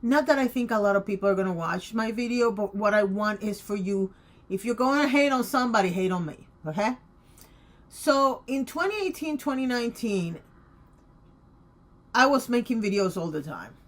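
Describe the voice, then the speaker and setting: A woman's voice: mid-range voice, lively intonation, moderate pace. Outspoken woman in her late fifties. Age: 50s. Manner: emphatic and outspoken. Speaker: vlogger. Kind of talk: casual opinion talk to camera.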